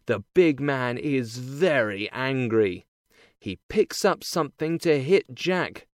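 Male narrator for easy-reader storybook, slow deliberate delivery, middle pitch, dry recording. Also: expressive, no room sound. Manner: slow, plain, careful reading. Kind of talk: simple storybook narration for learners.

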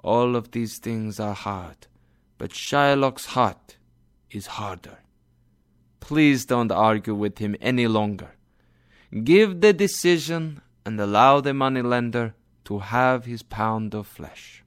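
A man reading as a calm, resigned merchant. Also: medium pitch, slow, smooth, natural voice.

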